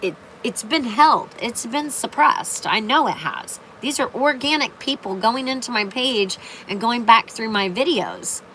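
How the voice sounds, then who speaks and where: A woman's voice: fairly high pitch, animated, measured pace, hardly any pauses, a bit bright, a little hiss or hum, rough recording. An older woman talking on a casual livestream in a rambling way, with many fillers and restarts. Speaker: live streamer.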